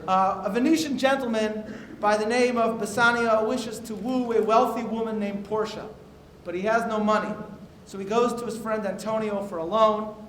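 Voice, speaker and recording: Male moderator, higher voice, reading prepared notes with "uh" fillers; roomy hall sound. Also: steady tone, moderate pace, few pauses, a bit bright. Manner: reads quotes aloud with frequent "uh" fillers. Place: university auditorium. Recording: echoey hall with faint noise.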